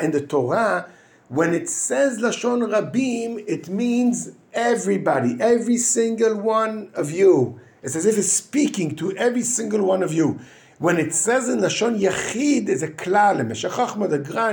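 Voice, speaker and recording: Rabbi, high and gravelly, lively teaching delivery with frequent restarts. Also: male voice. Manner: animated, acts out quoted speakers in raised voices; halting restarts while searching for English words. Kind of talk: weekly Torah talk.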